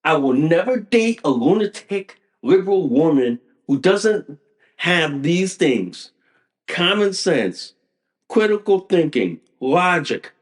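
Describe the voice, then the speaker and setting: A male podcast host delivering a profane, repetitive political rant in an emphatic tone. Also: high-pitched.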